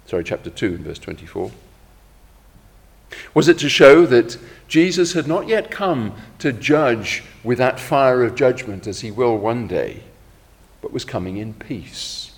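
A middle-aged man preaching a sermon in a measured, reflective way, slowing down when he quotes scripture. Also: medium pitch, sing-song, creaky, long reverb tail.

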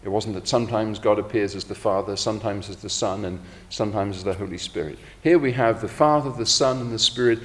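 A middle-aged man preaching a sermon in a measured, reflective way, slowing down when he quotes scripture. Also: fairly low pitch, long reverb tail.

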